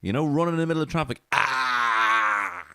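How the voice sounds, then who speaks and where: A man's voice: mid-range voice, lively intonation, normal speed, sharp tone, smooth, no echo, pitched above the performer's own voice. An irritated ape with a lilt is put on by a man. He scolds in a nagging tone, and his voice rises above its usual depth. The delivery climbs into yelps of frustration. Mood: exasperated. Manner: nagging, rising to a yelp. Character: exasperated male ape scolding a drunk friend.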